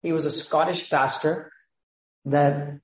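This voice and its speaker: A man preaches a sermon in a fairly high voice, pressing his points with rhetorical questions he answers himself. The room around him is echoey. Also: steady tone, slow. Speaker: pastor.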